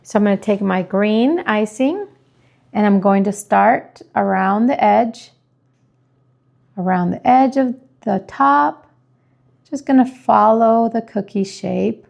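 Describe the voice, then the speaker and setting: Gravelly-voiced woman teaching cookie decorating. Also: medium pitch, takes it slowly. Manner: calm, explains each step as she works. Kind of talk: step-by-step tutorial narration.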